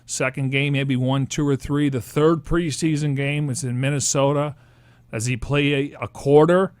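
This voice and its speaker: A man's voice: mid-range voice, steady tone, normal speed, a little mellow, smooth, no room sound. A man co-hosting a sports talk show, confidently arguing his own take. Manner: confident, argues a counterpoint.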